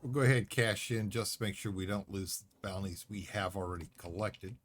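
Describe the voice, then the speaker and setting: A man's voice: lowish voice, fairly quick. A man streaming a space game, giving live commentary with self-mocking jokes and easy chatter.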